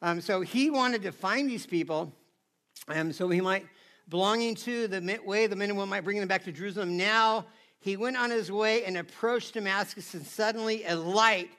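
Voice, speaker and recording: A man's voice: sits high, normal speed, pushed and bright. A man preaching a casual, conversational sermon, chatty and always asking his listeners "right?". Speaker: pastor.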